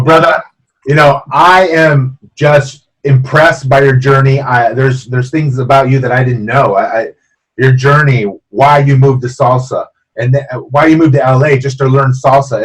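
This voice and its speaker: A man's voice: mid-range voice, moderate pace, poor audio. A man hosting a show, interviewing a guest in a casual, enthusiastic way and calling him brother.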